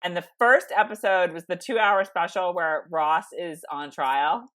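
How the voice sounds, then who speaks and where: A woman co-hosting a podcast, chatting in an excitable, dramatic way with lots of laughter. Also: on the low side, measured pace. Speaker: podcast co-host. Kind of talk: casual chat.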